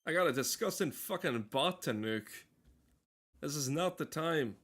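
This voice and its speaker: A man's voice: fairly high pitch, expressive, unhurried, fairly bright tone. A man streaming a game live, making sarcastic, profane, joking asides over the cutscenes. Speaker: gaming streamer. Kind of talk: casual live-stream commentary.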